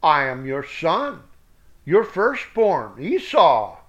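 A man's voice: fairly high pitch, huge pitch swings, slow, heavily acted. A man reading the lines of a desperate grown son pleading for his father's blessing, in an emphatic, pleading voice. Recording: dull lo-fi recording.

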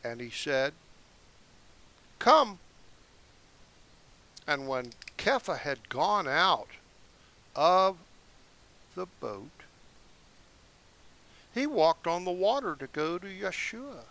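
Slow, lively-voiced man reading scripture. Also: a little high. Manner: slow, deliberate reading broken by casual asides. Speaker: Bible teacher. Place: seated indoors.

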